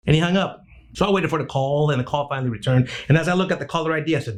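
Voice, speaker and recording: A man teaching real estate agents, telling stories and acting out the dialogue in a lively, casual way. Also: fairly high pitch, very fast. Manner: animated, acts out dialogue, swears casually. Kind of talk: energetic teaching with storytelling.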